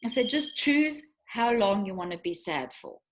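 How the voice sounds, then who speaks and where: A woman's voice: medium pitch, very animated, moderate pace, a little hiss or hum. A woman in her forties, co-hosting a casual chat and telling a long personal story with many fillers and restarts. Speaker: co-host.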